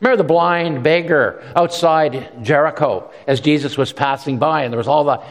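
A man's voice: on the high side, moderate pace, long reverb tail. A man preaching a sermon in a conversational way, often repeating himself and voicing the quotes he tells. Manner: conversational, repeats words, animated voices for quotes.

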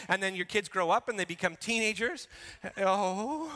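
A middle-aged man preaching a sermon as a pastor, animated, acting out excuses with quick repeated words. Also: sits high, big-room sound, background noise.

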